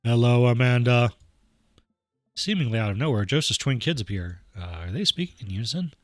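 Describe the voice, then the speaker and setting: A man's voice: lowish voice, sing-song, quick pace, no room sound, studio quality. A man reading a dating game aloud as the host, with casual, wry asides. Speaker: game streamer narrating.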